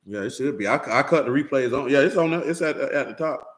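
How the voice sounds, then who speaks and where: A preacher with a medium-pitched voice talks fast with lively intonation, and the sound is roomy. He delivers a loose, conversational sermon directly to listeners, frequently asking "you know what I'm saying" to confirm they follow.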